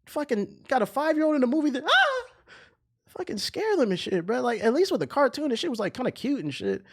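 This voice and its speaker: A man's voice: extremely high pitch, sing-song, fast, a little mellow. A young man streamer ranting in casual, profane commentary, now and then mocking voices.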